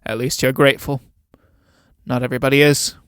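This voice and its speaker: A man's voice: medium pitch, steady tone, fairly quick, a bit bright, clean tone, dry recording, studio quality, close to an everyday voice. Man reading an overbearing army captain. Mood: patronizing. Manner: overbearing, patronizing. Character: domineering middle-aged male army captain.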